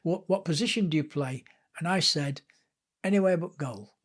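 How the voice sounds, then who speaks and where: An older man from Lancashire, England, appears as a guest author in a podcast interview, telling lively, chatty anecdotes with self-deprecating humour. His voice is on the high side, at a normal speed.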